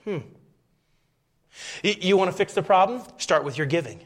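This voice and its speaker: A middle-aged man preaching a sermon, dropping into quiet asides and rising to loud, fervent passages. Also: high-pitched, animated, normal speed.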